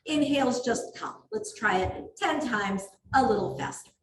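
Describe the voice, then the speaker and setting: A woman's voice: a little high, unhurried. Woman leading yoga in an echoey studio. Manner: calm cueing with light self-laughing asides. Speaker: yoga instructor. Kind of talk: guiding a yoga class. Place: athletic club studio. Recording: roomy echo from far off, faint ambient noise.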